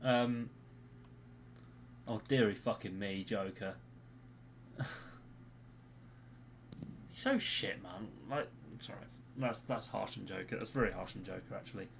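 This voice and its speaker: A man's voice: fairly low pitch, unhurried, vocal fry, pauses often, noisy background. A British man streaming a game live, grumbling and swearing at his teammates' play. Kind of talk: live gameplay commentary.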